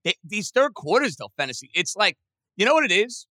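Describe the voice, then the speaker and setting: A man hosting a sports podcast in casual, excitable talk. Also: brisk, dry recording. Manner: excitable, chatty, pitch jumps when animated.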